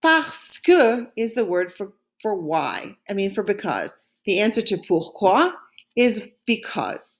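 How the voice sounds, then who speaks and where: A woman teaching a recorded French lesson, modeling words slowly and clearly for listeners to repeat after her. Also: medium pitch, big pitch swings.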